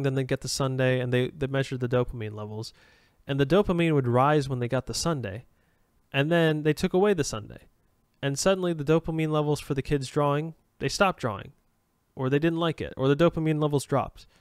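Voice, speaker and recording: A man's voice: medium pitch, fairly quick, clear, resonant tone, no room sound, clean studio sound. A man hosting a solo podcast, rambling and self-aware, with frequent restarts and fillers. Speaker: podcast host.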